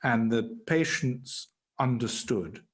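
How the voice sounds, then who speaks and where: British male guest, former prison doctor, middle-range voice, measured anecdotal delivery. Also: medium pitch, expressive. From Britain. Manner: measured, wry storyteller. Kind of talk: anecdotal conversation.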